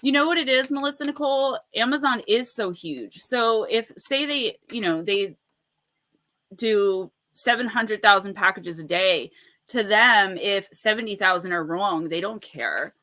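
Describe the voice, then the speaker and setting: A woman's voice: medium pitch, measured pace, bright, forceful tone. A woman hosting a casual livestream of oracle card readings, chatty and rambling, laughing often and greeting viewers by name.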